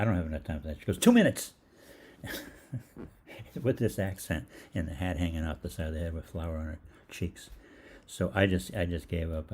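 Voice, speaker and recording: A man's voice: a bass voice, a little mellow, slight background noise. An older man hosting a health program, telling a rambling anecdote in a chatty way and acting out the other people's lines. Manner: chatty, acts out quoted voices, frequent ums and restarts. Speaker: holistic health program host. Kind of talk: casual rambling storytelling monologue.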